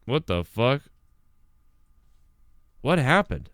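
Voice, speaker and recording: A young man hosting his own live stream, rambling through his thoughts with constant swearing and false starts. His voice is smooth and resonant at a middling pitch. The sound is dry and close, with no room echo. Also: big pitch swings, extremely slow, fairly bright tone. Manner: rambling, heavy swearing, trailing restarts. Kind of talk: casual live-stream commentary.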